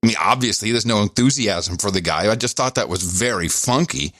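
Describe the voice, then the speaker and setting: A man's voice: fairly low pitch, fairly quick, dry recording, studio quality. A man co-hosting a podcast in casual political chat, teasing and sarcastic as he tells his stories. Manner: teasing, sarcastic, animated storytelling. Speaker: podcast co-host.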